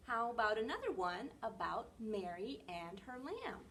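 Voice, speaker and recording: A woman leading a library story time for toddlers, reading aloud, singing nursery rhymes and making exaggerated animal sounds in a slow, sing-song way. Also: fairly high pitch, very animated, fairly bright tone, recorded from a distance. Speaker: children's librarian.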